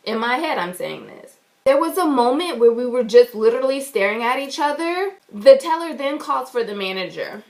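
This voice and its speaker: A woman's voice: on the high side, animated, moderate pace, darkish tone. A woman vlogger telling a story in an indignant, emphatic way, swearing freely. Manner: indignant, emphatic and profane retelling. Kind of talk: storytime vlog.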